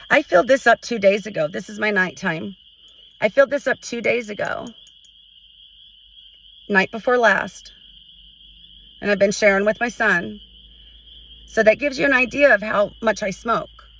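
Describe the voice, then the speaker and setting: A woman's voice: on the high side, vocal fry, fairly bright tone, distant mic, low-quality recording. Frustrated woman venting to camera. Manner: frustrated, halting, with many restarts. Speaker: vlogger. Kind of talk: emotional personal vent to camera.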